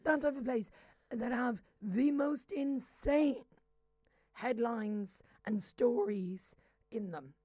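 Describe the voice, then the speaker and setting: A woman co-hosting a podcast in casual chat, with a voice hoarse from screaming at karaoke the night before. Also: fairly high pitch, slow, dry recording, clean studio sound. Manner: animated, self-deprecating, jumps between whispering and loud exclamations. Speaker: podcast co-host.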